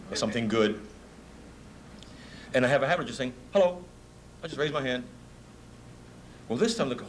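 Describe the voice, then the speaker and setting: A man's voice: mid-range voice, noisy background. A man in his fifties with a New York accent, a music promoter telling stories in a speech and laughing often. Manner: animated storyteller, laughs often. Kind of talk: anecdotal speech.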